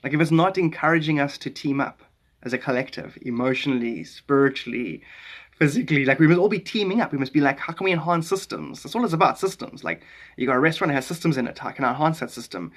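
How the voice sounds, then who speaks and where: A South African man with a medium-pitched voice chats casually on a live stream. He talks fast, rambling and animated as he jumps from one idea to the next.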